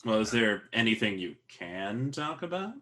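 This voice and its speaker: Bright, lively podcast host. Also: male voice, fairly low pitch, moderate pace. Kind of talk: casual interview chat.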